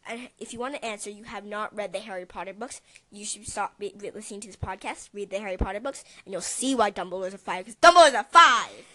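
A woman co-hosting a casual podcast, talking in an excitable, emphatic way. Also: mid-range voice. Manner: excitable, emphatic, quick to exclaim. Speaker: podcast co-host.

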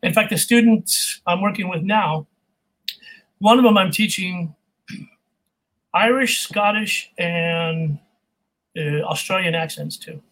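A middle-aged man, a voice and accent coach, telling animated stories as an interview guest, laughing often and imitating people. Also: sits high, slow, long pauses, rough recording. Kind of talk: casual interview storytelling.

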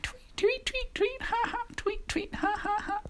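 A woman's voice: very high-pitched, fairly even intonation, unhurried, in a whisper, voice pushed up. A woman voicing a flock of mocking little robins in a storybook, jeering in a sing-song way. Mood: tweeting.

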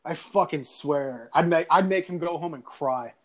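A young man with a notably high-pitched voice rants through a high school grudge story, cursing freely and laughing as he goes. His delivery is animated and loose, like casual chat among friends. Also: normal speed, crowd noise. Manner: animated, swearing often, laughing through lines. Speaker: podcast guest telling a story.

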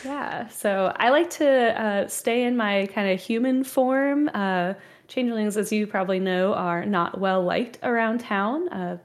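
A woman's voice: mid-range voice, unhurried. Chill woman player explaining her character, mid voice. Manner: relaxed, explaining, laughs often. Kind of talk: tabletop role-play chat.

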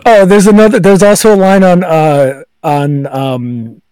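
A man's voice: on the high side, steady tone, unhurried, dark tone, smooth, no room sound. A man hosting a casual podcast chat, rambling with lots of fillers and frequent laughs. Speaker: podcast host.

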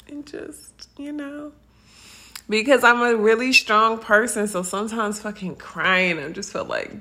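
A woman's voice: medium pitch, moderate pace, pushed and bright. A young woman hosting a podcast, talking candidly and casually with profanity and frequent laughter. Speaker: podcast host. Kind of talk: casual personal monologue.

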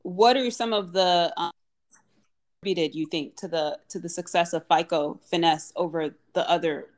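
Host role: woman, encouraging and affirming, lowish voice. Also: steady tone, moderate pace. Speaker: interview host. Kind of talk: conversational interview.

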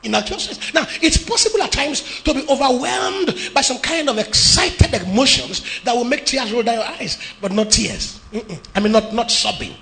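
A male pastor preaches in a very high, lively voice that swings up and down in pitch. His tone is gravelly with fry, and he drives his points home by shouting and half-singing his lines. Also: normal speed, few pauses. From Nigeria. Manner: emphatic preaching with shouted and sung-out phrases. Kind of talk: sermon.

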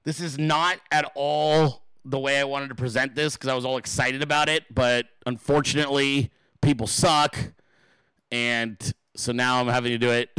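Angry man ranting, forceful voice. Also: medium pitch, steady tone, moderate pace, clean tone, dry recording, low-quality recording. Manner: angry, profane, blunt venting. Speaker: show host. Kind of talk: ranting solo talk-show monologue.

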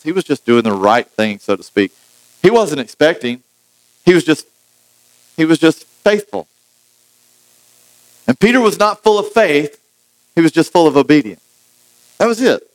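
A man preaching a sermon in a relaxed, conversational way, with jokey asides and frequent restarts. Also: sits high, rough recording. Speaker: pastor.

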